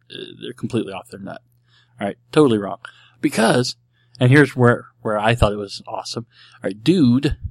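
A man's voice: medium pitch, no room sound. Man, middle-aged, chatty solo podcast host, rambling, dry close sound. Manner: chatty, rambling, self-amused, with voiced quotes. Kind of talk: casual solo podcast monologue.

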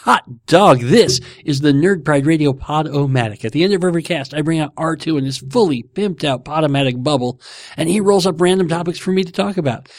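A man's voice: on the high side, a little fast, darkish tone, no echo. A man hosting a casual podcast, rambling and laughing at himself as he chats from home. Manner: rambling, laughing, self-mocking. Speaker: podcast host.

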